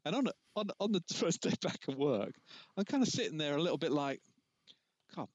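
A man, chatting casually and telling animated stories as a podcast co-host. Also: a little high, quick pace, no echo. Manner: animated storyteller, laughs often. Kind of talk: casual chat.

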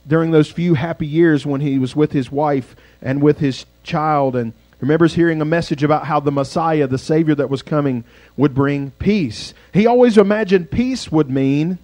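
A man's voice: fairly high pitch, no echo. Dramatic storytelling male pastor. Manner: dramatic, swings from loud to hushed. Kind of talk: storytelling sermon.

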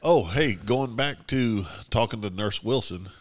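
A man with a low voice spinning stories on a local radio show. He jokes with his co-host and keeps an easy, chuckling pace. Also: a little slow. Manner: storytelling, joking, chuckling. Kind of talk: casual radio chat.

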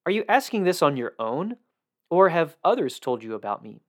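A man voicing a calm male prisoner who answers slowly and earnestly during a scripture reading. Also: on the high side, voice pushed up. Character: calm male prisoner speaking of his kingdom.

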